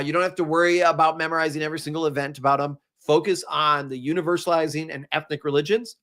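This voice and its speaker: A man from Minnesota with a Minnesotan accent, a teacher giving a chatty, energetic live exam review to viewers. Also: fairly high pitch. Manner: casual, chatty, energetic, talks straight to the viewers.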